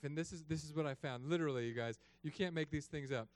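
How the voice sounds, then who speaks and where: A man in his late thirties delivers a sermon as a lively, joking storyteller. His voice sits a little high for a man and is smooth and resonant. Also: fast talker, hardly any pauses. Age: 30s. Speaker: pastor.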